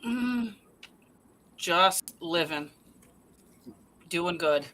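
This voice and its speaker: A woman co-hosting a live-stream talk show, chiming in with playful quips and quick agreement. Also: lowish voice, animated, sharp tone, slight background noise. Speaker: co-host. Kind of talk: casual live-stream chat.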